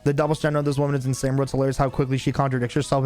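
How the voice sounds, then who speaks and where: A man's voice: mid-range voice, racing, faint music behind. A man streaming a game, telling stories with heavy swearing and frequent laughter. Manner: profane, laughing, animated venting. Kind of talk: casual gameplay commentary with storytelling.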